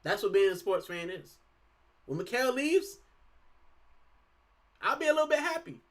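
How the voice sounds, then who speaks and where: A man's voice: high voice, very animated, normal speed. A man from Puerto Rico hosting a football fan channel, talking casually and with animation, full of fillers and "bro". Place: lives in the UK.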